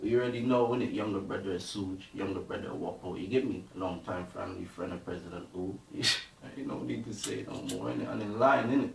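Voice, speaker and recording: A man's voice: lowish voice, fairly quick, creaky, a little hiss or hum. Young male Bristol MC, slangy street talk and freestyle bars, roomy sound, heard from across the room. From Bristol, England. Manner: slang-heavy, keeps asking "you get me", "innit". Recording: roomy, distant from the mic.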